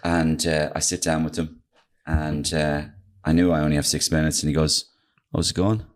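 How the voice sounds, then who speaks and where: Deep-voiced Irish comedian telling stories. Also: male voice, normal speed. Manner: animated anecdotes, slips into voices. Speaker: guest comedian. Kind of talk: casual podcast storytelling.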